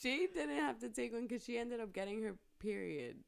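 A woman's voice: fairly high pitch, lively intonation, normal speed, gravelly. A young woman telling a personal story in casual chat, laughing often, swearing freely and saying "like" constantly. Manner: laughs often, swears a lot, peppers speech with "like".

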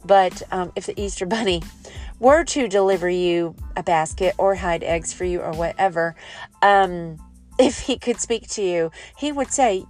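Chatty woman host with a low voice. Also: normal speed, a little mellow, soft background music. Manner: chatty, joking, goes off on tangents. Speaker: audiobook narrator. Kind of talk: casual devotional talk.

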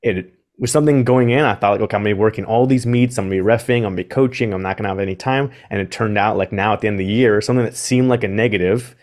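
A man's voice: lowish voice, very fast, few pauses, darkish tone. A man on a podcast talking in casual chat, rambling with many fillers. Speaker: podcast guest.

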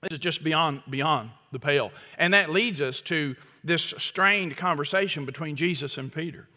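Emphatic preacher in a big reverberant hall. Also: male voice, a little high, moderate pace, sharp tone. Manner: emphatic, acts out quoted speech, chuckles at own jokes. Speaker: pastor. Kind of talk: sermon.

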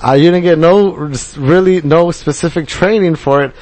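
A man's voice: on the high side, normal speed, a little mellow. A man, a podcast co-host, chatting casually and swearing a lot as he vents about his new job. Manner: profane, venting, storytelling. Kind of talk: casual chat.

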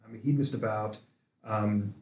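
Man, philosophy teacher type, explains slowly with ums and restarts, roomy echo. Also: fairly low pitch, fairly even intonation, darkish tone. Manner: thoughtful, hesitant, many fillers and restarts. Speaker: philosophy instructor, guest. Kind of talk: casual conversational explanation.

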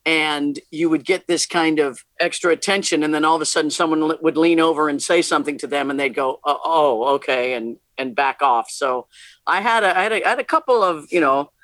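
A middle-aged woman who plays rock music chats candidly as a guest in a casual interview, laughing often and restarting her sentences. Her low voice is brisk and fairly bright, with no room sound.

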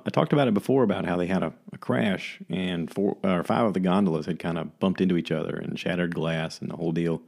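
A man with a low, deep voice chats on his own to a camera mic. He rambles loosely, with plenty of fillers and restarts, like a casual vlog host reviewing films. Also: darkish tone. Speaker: vlogger host. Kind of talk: casual solo talk reviewing movies.

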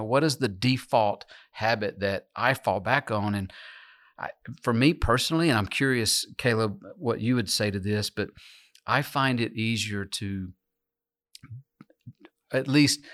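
A man, a pastor co-hosting a church podcast, talking in a relaxed, thoughtful way with frequent restarts. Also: on the low side, no echo, studio quality. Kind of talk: casual conversation.

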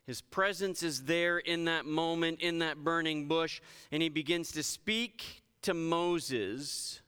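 A man's voice: on the high side, slow pace, pushed and bright, clear, resonant tone. A man, a pastor, giving a conversational sermon and reading scripture with emphasis. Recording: reverberant hall.

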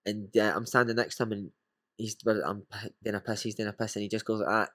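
A man with a Scottish accent, a former footballer and podcast guest, telling lively stories and calling the listener "mate". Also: lowish voice, fast talker. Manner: animated anecdotes with frequent "mate". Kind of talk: casual storytelling.

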